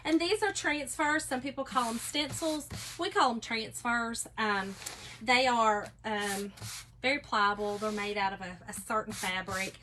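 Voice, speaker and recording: Slight background noise accompanies this craft live stream, hosted by a woman in her 40s whose voice is a little high, pushed and bright. She talks unhurriedly with fairly even intonation, chatting through a demo, reading out viewer comments and laughing a lot.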